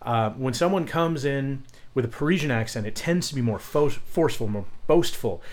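A man's voice: mid-range voice, expressive, moderate pace. A man co-hosting a casual podcast chat about voice acting and accents, talking in a rambling, jokey way.

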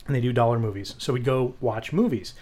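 Man, podcast co-host, chatty storyteller, casual cursing, animated delivery. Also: medium pitch, fast. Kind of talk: casual chat.

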